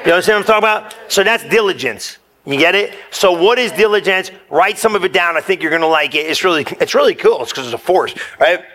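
A man preaching a sermon in church, energetic and joking with the congregation, sometimes rising close to a shout. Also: high voice, fast, hardly any pauses. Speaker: pastor.

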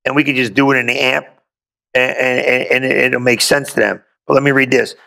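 A man's voice: mid-range voice, steady tone, fairly quick, gravelly, sharp tone. A male pastor preaching a sermon, reading scripture aloud and breaking in with exuberant call-and-response asides.

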